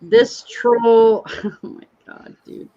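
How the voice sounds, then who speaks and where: A woman's voice: fairly high pitch, level tone, very slow, mellow. A woman hosting a casual live stream. She talks hesitantly and often restarts her sentences. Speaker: stream host. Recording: muffled lo-fi mic with faint hiss.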